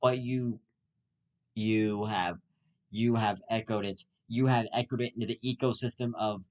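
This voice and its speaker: A man's voice: medium pitch, measured pace, low-quality recording. A man delivering a comic rant, angry and profane, often stammering and restarting his sentences. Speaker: comedic ranter.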